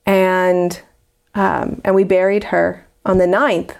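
A woman's voice: on the low side, flat delivery, slow pace, vocal fry, a little mellow. A woman from the United States, a guest in an interview, earnestly telling a personal story with frequent fillers.

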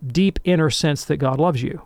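On a call-in radio show, a man answers a listener's question in an animated, lecturing style, checking in with "right?". His voice is fairly high and his speed normal, with no room sound.

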